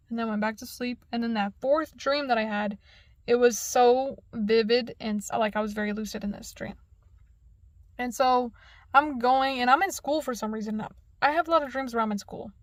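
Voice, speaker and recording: A young woman recounting a dream in casual storytelling, animated and profane, acting out the dialogue. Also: on the high side, normal speed, dry recording, clean studio sound.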